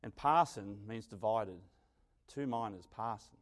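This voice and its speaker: A man preaching a sermon, telling stories with dramatic swings from loud to quiet. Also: on the low side, unhurried. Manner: animated storytelling, dramatic swings in loudness.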